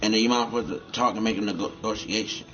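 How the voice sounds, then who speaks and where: A man's voice: lowish voice, steady tone, fast, fairly bright tone, highs cut off, faint music behind. A man rambling and cursing as he comments on a game he is playing, often repeating himself. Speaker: gamer.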